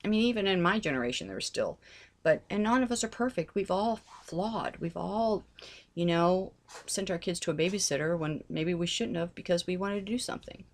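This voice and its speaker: Woman, middle-aged, lowish voice; earnest religious vlogger, pleading, repeats herself. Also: brisk. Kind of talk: heartfelt personal talk.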